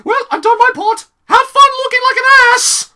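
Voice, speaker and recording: A man voicing a stern, bossy female diesel engine in a shrill falsetto. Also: moderate pace, sharp tone, exaggerated voice. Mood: smug.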